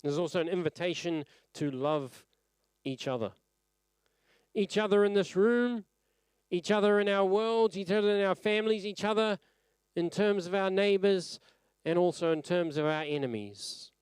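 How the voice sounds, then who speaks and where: A man preaching a sermon at a church service, earnest and reflective, letting his phrases fall softly at the end. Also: high-pitched, normal speed, smooth, no echo.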